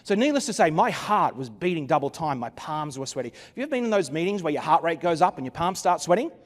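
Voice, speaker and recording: A man's voice: a little high, very animated, fast, in a large hall. A man giving a conference keynote, telling a story dramatically with wry asides into a stage microphone. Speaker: keynote speaker. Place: conference venue.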